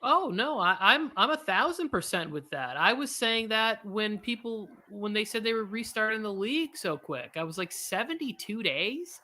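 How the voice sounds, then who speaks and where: Man, watch-party co-host, casual rambling game talk, bright forward tone. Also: high voice, animated. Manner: rambling, quick asides, self-mocking. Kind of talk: casual live game commentary.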